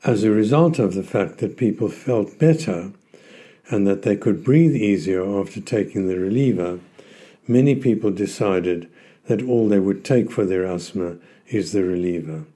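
A man hosting a health podcast, explaining in a calm, measured way and stressing key words. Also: on the low side, slightly rough. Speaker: podcast host.

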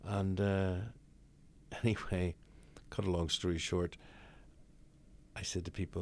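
Brief: Northern Irish broadcaster in his 60s, raconteur, deep and gravelly. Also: moderate pace. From Northern Ireland. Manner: lively raconteur, blunt, swears freely. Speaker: guest, broadcaster. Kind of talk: anecdotal storytelling in conversation.

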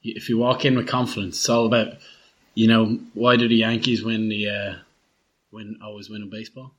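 A man's voice: lowish voice, little pitch movement, a little fast. A man co-hosting a podcast, chatting in a rambling, playful way. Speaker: podcast co-host. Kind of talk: casual chat.

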